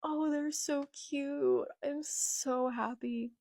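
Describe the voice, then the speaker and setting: A woman reading a manga live and reacting, excitable and gushing, with gasps and exclamations, reading character lines aloud plainly. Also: sits high, slow, no echo, clean studio sound. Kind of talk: live read-along reaction.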